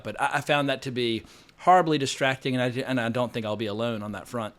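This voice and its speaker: A man giving a casual, opinionated film review, blunt and quick to swear. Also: medium pitch, fairly even intonation. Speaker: film critic.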